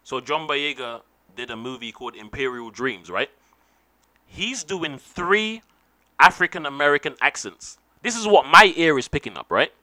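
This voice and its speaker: A man's voice: on the high side, lively intonation, moderate pace, bright, forceful tone, dry recording. A man from England, chatting emphatically with friends. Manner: emphatic, talks about acting. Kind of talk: casual chat.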